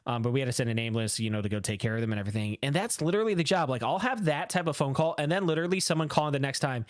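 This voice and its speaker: A man's voice: medium pitch, racing, few pauses, dry recording, clean studio sound. A man co-hosting a casual podcast, telling work stories and acting out callers in shifting voices. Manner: animated storyteller, acts out callers in shifting voices. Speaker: podcast co-host. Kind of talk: casual chat.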